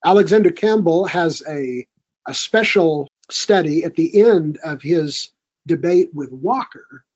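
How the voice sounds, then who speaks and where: A man's voice: a little high, lively intonation, a little slow, darkish tone, dull audio. A man speaking as a guest in a studio conversation, earnest and encouraging. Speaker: podcast guest. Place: recording studio.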